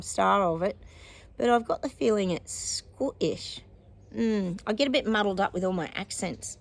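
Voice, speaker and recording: An Australian woman, a psychic, gives predictions in a casual, meandering monologue to her viewers, laughing often and drawing out words. Her voice is on the low side with vocal fry.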